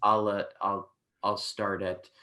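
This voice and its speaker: A man co-hosts a casual film podcast. His voice sits somewhat low, and he rambles through restarts while retelling scenes. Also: level tone, slow, sharp tone. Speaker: co-host and film reviewer. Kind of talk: casual film review chat.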